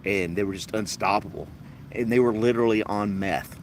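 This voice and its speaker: A man's voice: fairly low pitch, brisk, slight background noise. A man hosting a casual podcast chat, rambling and wry, laughing at his own jokes. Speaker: podcast host.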